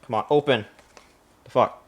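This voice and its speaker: Breathless guy cooking on stream, cussing, reading the recipe out loud, faint hiss and clicks behind him. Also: mid-range voice, moderate pace. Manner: rambling, swears often, reads recipe aloud. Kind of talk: casual live-stream chat while cooking.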